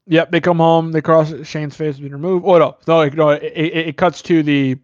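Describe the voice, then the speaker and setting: A fairly high-voiced man talking in a casual movie review chat, animated and incredulous, with some swearing. The recording is dull and lo-fi. The sound is dry and close. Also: moderate pace, no echo. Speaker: podcast co-host.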